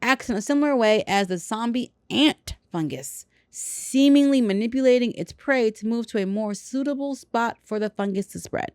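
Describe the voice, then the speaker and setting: A woman's voice: on the high side, moderate pace, hardly any pauses, clear, resonant tone, no echo, clean studio sound. Sarcastic woman podcast host. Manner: sarcastic, wry commentary. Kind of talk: reading news with sarcastic asides.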